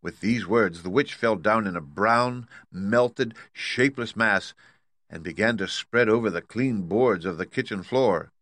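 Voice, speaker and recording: A man narrating a children's storybook in a steady, even reading. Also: lowish voice, unhurried, dry recording.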